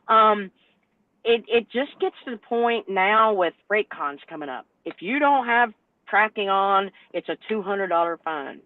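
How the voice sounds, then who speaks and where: An older woman, in her sixties, rants with animated exasperation as a trucker guest on a panel show. Her voice comes through thin and tinny, like over a phone line, with no room echo. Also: mid-range voice, measured pace. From North Carolina, US. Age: 60s. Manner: animated, exasperated storytelling rant. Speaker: truck driver and owner operator, panel guest. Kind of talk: podcast panel discussion.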